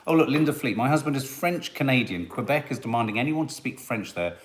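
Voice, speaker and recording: English man, middle-aged, co-host, jokey and teasing, animated voice, casual chat. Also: mid-range voice, fast. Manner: teasing, jokey, reads out viewer comments.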